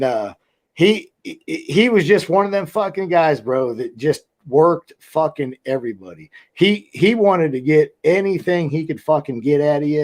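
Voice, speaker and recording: A man's voice: fairly high pitch, darkish tone. A man on a video call, telling loose, profane stories about his wrestling days and acting out the quotes. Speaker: podcast co-host, former wrestler. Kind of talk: casual profane storytelling.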